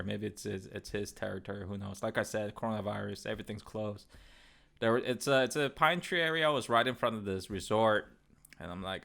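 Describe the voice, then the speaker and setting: A man's voice: fairly low pitch, fairly quick, vocal fry, a bit bright. A man in his thirties telling a travel story in a casual, rambling, profane way. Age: 30s. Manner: profane, rambling, laid-back. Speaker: travel vlogger.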